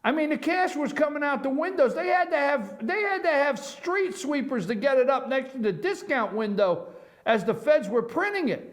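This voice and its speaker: A man's voice: very high-pitched, animated, moderate pace. A man hosting a live online morning show from an office, delivering opinion commentary with emphatic, repeated rhetorical questions.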